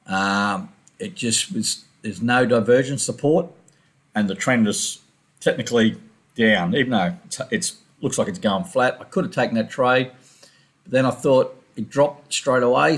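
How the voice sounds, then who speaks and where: Fast-talking man explaining trading charts. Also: mid-range voice. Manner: fast, loose, run-on explaining with restarts. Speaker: forex trader reviewing his trades. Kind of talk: casual chart walkthrough.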